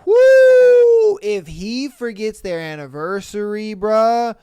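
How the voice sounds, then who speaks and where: Male podcast host, slow drawl, smooth clear voice, slangy and laid-back, dry close mic. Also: high-pitched, dry recording. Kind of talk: casual commentary reading listener posts. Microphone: studio podcast mic.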